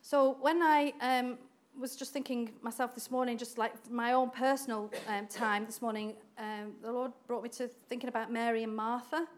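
A woman preaching a sermon in an animated way, acting out quoted voices and laughing often. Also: a little high, normal speed, few pauses.

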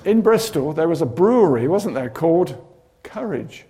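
A man's voice: on the high side, normal speed, a little hiss or hum. A man preaching a sermon, telling stories with dramatic flair and humorous asides. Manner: animated storytelling with humorous asides.

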